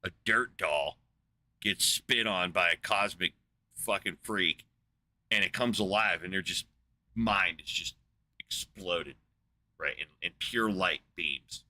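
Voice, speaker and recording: A man's voice: low-pitched, takes it slowly, long pauses, pushed and bright. A man in a casual, rambling monologue, swearing a lot, incredulous and full of fillers. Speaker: podcast host. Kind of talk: casual profane rant.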